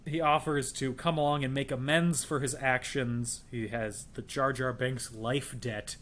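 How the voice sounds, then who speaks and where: A man's voice: mid-range voice, fairly even intonation, a little slow, a bit bright. A man co-hosting a podcast, recapping a film in casual, playful chat. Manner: playful, joking. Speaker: podcast co-host.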